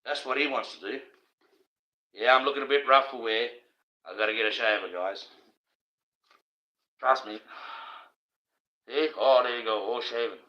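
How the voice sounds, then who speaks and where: A man's voice: medium pitch, normal speed, pauses often, sharp tone. A man, hosting a livestream from indoors and preaching in a rambling, blunt and profane monologue. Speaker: livestream host. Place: indoors, wearing a mask. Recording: dull, lo-fi livestream audio.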